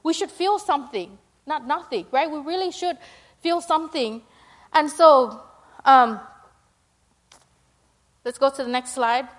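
A woman's voice: high-pitched, a little slow, pauses often. A middle-aged woman gives a church presentation with slides, talking in a conversational, rambling way with many fillers and tag questions. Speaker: school principal giving a church talk.

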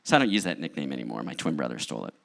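A man's voice: a bass voice, sing-song, very fast, creaky, fairly bright tone. A male pastor preaching a sermon, telling his own story in a candid, conversational way. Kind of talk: sermon with personal testimony.

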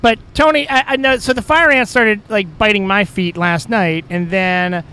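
A man's voice: high voice, normal speed, pushed and bright, a little hiss or hum. A man hosting a casual podcast chat outdoors at a racetrack campsite, playful and laughing, with stammering restarts. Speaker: podcast host.

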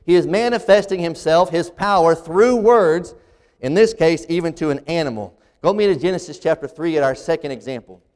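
A man's voice: on the high side, a little mellow. Preacher man in a reverberant hall. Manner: earnest, slows down to stress key phrases. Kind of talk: expository sermon.

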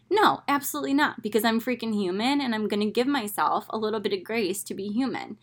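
A young adult woman hosting a casual self-help monologue, candid and animated, acting out her own inner voice as she speaks. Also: on the high side, brisk, few pauses.

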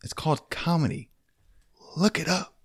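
A man co-hosting a comedy podcast, joking in a laid-back, deadpan way. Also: on the high side, normal speed, slightly rough. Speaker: podcast co-host. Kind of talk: casual comedic chat.

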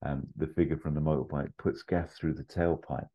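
A man hosting a podcast, casually pitching an adventure story with fillers, asides and chuckles. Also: fairly even intonation, brisk, husky. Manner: rambling, full of fillers and asides, chuckles at own jokes. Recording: slightly muffled lo-fi audio.

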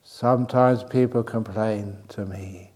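A man giving a talk as a meditation teacher, playful and humorous, who laughs at his own jokes and shifts between slow, soft, spaced-out words and quick, high bursts to make his points. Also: steady tone. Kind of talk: spoken talk on calming the mind.

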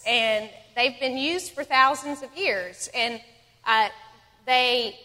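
A woman's voice: fairly high pitch, bright, forceful tone, long reverb tail. A woman leading an evening Bible study, chatting casually with many ums, then reading scripture aloud.

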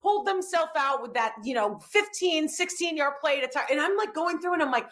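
A woman co-hosting a casual sports podcast, animated and quick with asides, swearing freely as she tells stories. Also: high-pitched. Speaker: podcast co-host.

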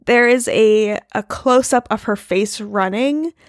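A woman's voice: fairly high pitch, takes it slowly, no room sound, studio quality. A woman co-hosting a podcast in casual chat, trailing off and restarting her thoughts and laughing often. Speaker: podcast co-host.

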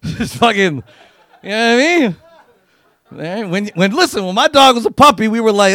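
A man performing a crude, profane stand-up comedy routine, riffing and acting out quotes with loud, punchy bursts. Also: high voice, lively intonation, normal speed, dry recording.

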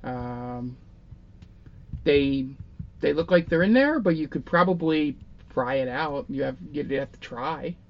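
Guy running a tabletop game, rambly, lots of ums, voice a bit high, kinda muffled recording. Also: expressive, unhurried. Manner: loose, rambling narration with many fillers. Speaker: game master.

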